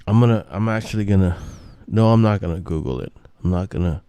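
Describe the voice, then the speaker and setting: A man's voice: sits low, fast talker, dark tone, clean tone, dry recording. A man hosting a casual, rambling monologue, swearing and restarting his sentences often. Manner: rambling, profane, many restarts and fillers. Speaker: host.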